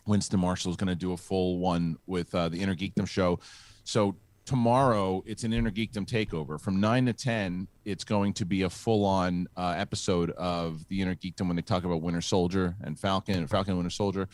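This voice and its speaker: A middle-aged man hosting a casual chat show, telling a story in a halting, rambling way with many restarts. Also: low-pitched, no echo. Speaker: host.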